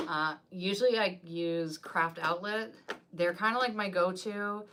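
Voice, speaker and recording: A woman's voice: fairly low pitch, measured pace, background noise. A woman who designs wreaths and coaches others, rambling in casual live-stream chat and filling her talk with "like.". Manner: rambling and chatty, full of "like".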